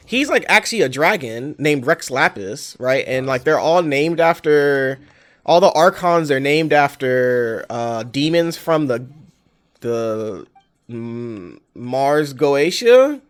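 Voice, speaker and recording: A man's voice: medium pitch, lively intonation, slow. A young man streaming a game, chatting casually and rambling, correcting himself often and swearing freely. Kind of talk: casual chat while playing a game.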